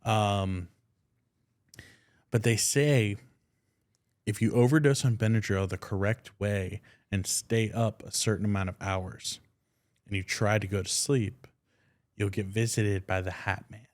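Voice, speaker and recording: A young man co-hosting a podcast, telling stories in a loose, excitable way and swearing casually. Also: on the low side, measured pace, pauses often. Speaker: podcast co-host. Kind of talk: casual chat.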